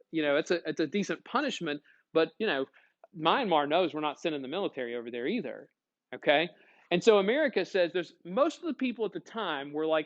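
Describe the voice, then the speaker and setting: A lively male history teacher lecturing his class, his voice sitting fairly high for a man. He keeps throwing questions at the students as he goes. The recording is dull and lo-fi. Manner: energetic, asks questions to the class.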